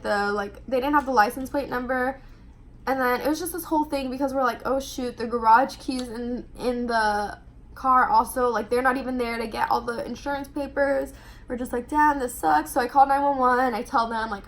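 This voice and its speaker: High-voiced young woman telling a story. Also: fairly bright tone. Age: young adult. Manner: chatty, fills every phrase with "like". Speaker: vlogger. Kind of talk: casual storytime monologue.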